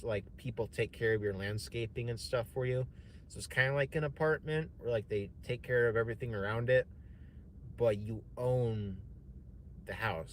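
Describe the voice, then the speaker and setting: A man's voice: medium pitch, slight background noise. Profane, rambling young man telling a story. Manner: profane, rambling, animated retelling with many fillers. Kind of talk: casual storytelling to a livestream chat.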